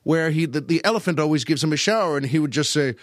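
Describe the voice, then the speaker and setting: At a quick pace, an older man on his podcast rattles off casual stories about old comedy, animated and often putting on high voices to quote the old comedians. The sound is clean studio audio with no room sound.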